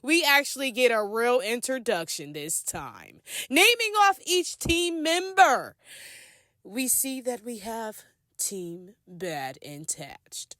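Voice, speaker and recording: High, lively woman recapping with sass. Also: slow pace, dry recording, clean studio sound. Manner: sassy, slangy storytelling. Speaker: commentary vlogger. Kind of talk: casual recap commentary.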